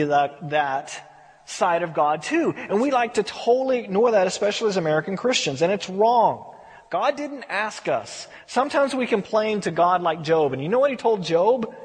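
Pastor, male, high-pitched and husky, conversational Bible teacher, reverberant hall. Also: animated, moderate pace. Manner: conversational, repeats words when emphatic.

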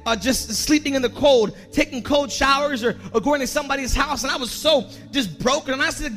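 A man preaching a sermon as pastor, emotional and personal, building to a shouted climax with repeated lines. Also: very high voice, fairly quick, hardly any pauses, soft background music.

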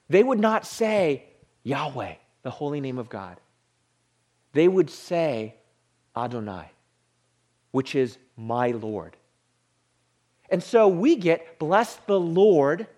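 A man preaching at a slow, deliberate pace, his fairly high voice rising and falling widely. He leans into key words, then drops to a hushed low tone on the sacred ones. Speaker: pastor. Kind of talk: sermon.

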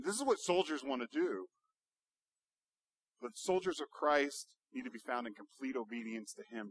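A male pastor preaching a sermon, building to loud, emphatic rhetorical questions. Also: medium pitch, slightly rough, no room sound.

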